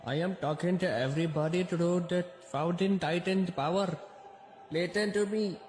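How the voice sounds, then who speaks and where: A man's voice: sits high, steady tone, normal speed, darkish tone, echoey room, slight background noise, lightly acted. A man voicing a ranting young anime rebel in a parody dub, with an Indian English accent, declaiming commands melodramatically.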